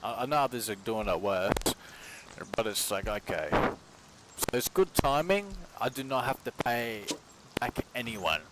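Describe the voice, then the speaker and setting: Cooking in his home kitchen, a man from Australia chats on a casual stream in an animated, mid-range voice that runs a little slow. He is rambling, profane and slangy, and the stream audio is noisy.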